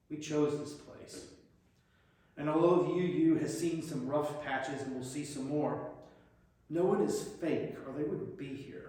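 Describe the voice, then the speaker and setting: A man's voice: a little high, darkish tone. A man giving a plainspoken, direct personal reflection to a congregation. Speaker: lay speaker giving a reflection. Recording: very echoey hall, mic far off.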